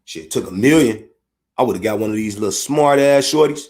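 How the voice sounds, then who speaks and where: On the low side and a little mellow, the voice of this middle-aged Chicago podcaster has lively intonation and a normal speed. His unfiltered rant, in a Chicago accent, is blunt, profane, heated and repetitive, and the room sounds echoey.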